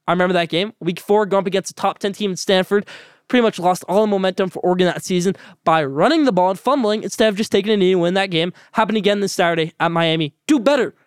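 A young man hosting a solo sports podcast, giving blunt, opinionated rapid-fire picks. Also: high-pitched, clear, resonant tone, dry recording, studio quality.

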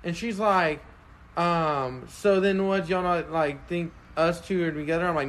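A man's voice: fairly high pitch, measured pace, fairly bright tone, slight background noise. A young man on a casual podcast, telling a long story in a loose, rambling way, full of "like" and laughs.

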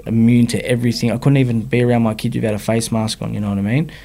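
A man's voice: mid-range voice, level tone, rapid-fire, gravelly, dark tone. An Australian man, a rapper, frankly telling his personal story as an interview guest, in slangy speech that keeps checking in with the listener. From Sydney, Australia. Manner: frank, slangy, often adds "you know what I mean".

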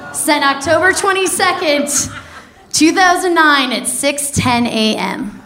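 A woman in her thirties telling a wild personal story on stage, lively and laughing as she goes. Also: sits high, unhurried. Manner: lively, animated, breaks into laughter. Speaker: comedic storyteller. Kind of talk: stand-up storytelling.

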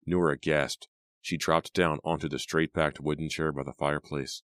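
A man narrating an audiobook in a steady, dramatic storytelling manner. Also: a bass voice, moderate pace, no room sound, clean studio sound. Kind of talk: scripted narration.

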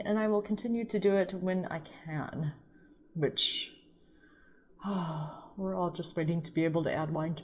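Low-voiced playful woman podcast host. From St. Louis, USA. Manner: playful, chatty, self-mocking, quick asides. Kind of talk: casual solo podcast monologue.

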